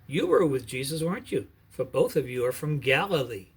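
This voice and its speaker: A young servant girl who suspiciously questions a stranger, as a man puts her on. It stays close to the man's own husky voice and is only lightly acted. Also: medium pitch, big pitch swings, brisk, exaggerated voice.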